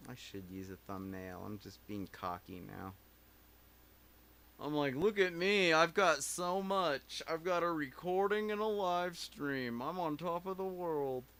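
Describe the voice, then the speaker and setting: A man's voice: medium pitch, fairly bright tone, a little hiss or hum. A man live-streaming from his home recording setup, chatting casually in a rambling, profane, self-mocking way.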